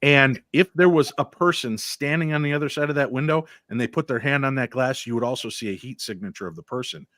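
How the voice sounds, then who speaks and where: A man's voice: medium pitch, fast talker, hardly any pauses, no room sound, studio quality. A man, a paranormal investigator, telling stories in casual chat and acting out the voices of people he quotes. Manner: animated storyteller, acts out quoted voices.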